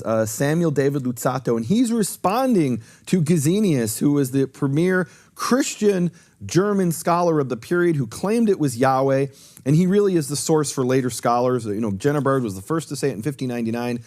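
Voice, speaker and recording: A man's voice: mid-range voice, darkish tone. A man giving a detailed, emphatic explanation as a guest on a talk show, repeating key points. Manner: earnest, lecturing, emphatic repetition. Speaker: guest teacher on Hebrew.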